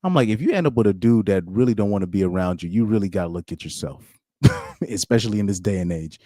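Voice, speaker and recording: A man's voice: fairly low pitch, animated, quick pace, warm tone, no room sound. Opinionated man on a dry close mic. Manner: opinionated, repeats phrases for emphasis. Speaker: channel host. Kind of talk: casual live reaction commentary.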